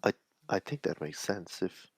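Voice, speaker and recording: A man playing a tabletop game, weighing the plan in a measured, thoughtful way. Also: sits low, breathy edge, dry recording. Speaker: player.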